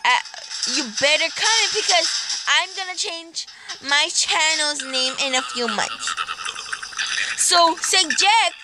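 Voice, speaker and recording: A female gaming YouTuber with a high, babyish way of talking, chatting excitedly through casual gameplay commentary. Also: rough recording. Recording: loud game music behind.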